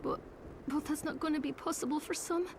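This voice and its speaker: An actress voicing a gentle, somber village woman in a game, speaking softly and with care. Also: high-pitched, steady tone, slight background noise. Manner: soft, measured, gentle. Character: somber young village woman mourning the dead.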